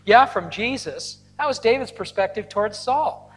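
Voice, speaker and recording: A man preaching a sermon from the pulpit, telling stories with lively asides and the occasional laugh. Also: sits high, moderate pace. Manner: storytelling, animated asides with laughter. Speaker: pastor. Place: large hall or church auditorium. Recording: long hall reverb.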